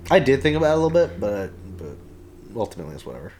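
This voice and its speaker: A young man co-hosting a casual podcast chat who laughs often and gets animated when quoting characters. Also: medium pitch, racing, a little hiss or hum. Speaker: podcast co-host.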